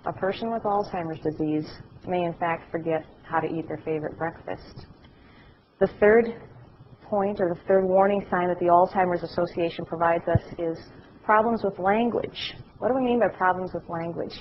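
A middle-aged woman lecturing a class, with a lowish voice that jumps up when she acts out her stories. The recording sounds dull, with a faint hum of the room behind her. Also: moderate pace. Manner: animated storytelling, acts out voices. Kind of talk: lively class lecture with anecdotes.

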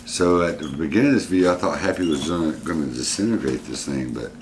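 A man's voice: very deep voice, quick pace, noisy background. A man, casually vlogging and coaxing his pet monkey in a playful way. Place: indoors at home with a pet monkey.

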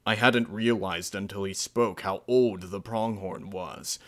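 A man narrating a dark fan-fiction story in a measured, grave storytelling manner. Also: on the low side, fairly even intonation. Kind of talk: dramatic fan-fiction reading.

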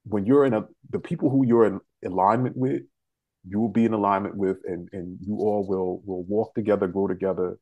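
A man's voice: fairly low pitch, fairly even intonation, a little fast, phone-quality sound. A man hosting an interview show, talking in an emotional, rambling way. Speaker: show host. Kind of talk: casual interview chat.

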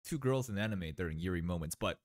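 A man hosting an anime reaction video, excitably thinking out loud and laughing often. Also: sits low, fast talker, no room sound, clean studio sound. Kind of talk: live reaction commentary.

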